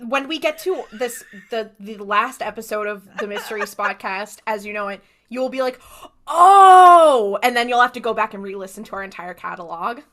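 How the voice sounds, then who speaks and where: A woman's voice: mid-range voice, fairly quick, few pauses, bright, forceful tone. A woman co-hosting a casual podcast, dropping dry, joking asides into the chat. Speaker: podcast co-host.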